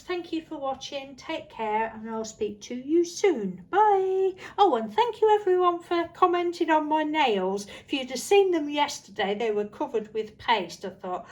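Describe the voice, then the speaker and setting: A woman's voice: medium pitch, poor audio. A British woman chatting casually as she shows her crafts, rambling and cheerful. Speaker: craft vlogger. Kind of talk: casual chat while crafting.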